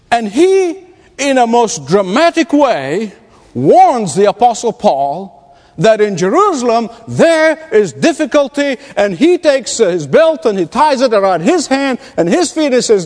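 A man preaching a sermon, emphatic and dramatic, slowing down to stress his points. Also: very high-pitched, sing-song. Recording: long hall reverb.

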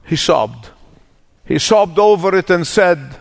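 Guy pastor preaching, kinda high pitched voice, slow and heavy, repeats stuff for emphasis. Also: lively intonation, gravelly, long reverb tail. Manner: emphatic, repeats phrases for weight. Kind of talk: sermon with scripture reading.

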